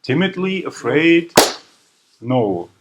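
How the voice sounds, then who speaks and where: A man from southern Germany, lecturing a university seminar class in a lively way and quizzing students as he goes. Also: on the high side, takes it slowly, dull audio, background noise. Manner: lively, quizzes the class, tags 'right?' after points. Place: lecture room. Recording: echoey room, voice far from mic.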